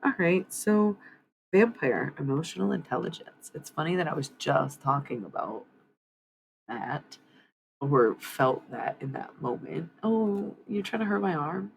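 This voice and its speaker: Low gravelly woman streamer, blunt. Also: lively intonation, a little slow, a little hiss or hum, poor audio. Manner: blunt, swears freely, talks back sharply. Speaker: livestream host doing card readings. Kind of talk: casual livestream chat.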